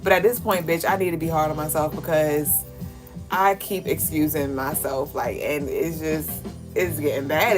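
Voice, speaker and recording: A woman's voice: low voice, normal speed. A young woman co-hosting a spiritual livestream, talking candidly in slangy casual chat, swearing offhand, laughing often, and reading viewer comments aloud. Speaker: livestream co-host. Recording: music playing clearly behind.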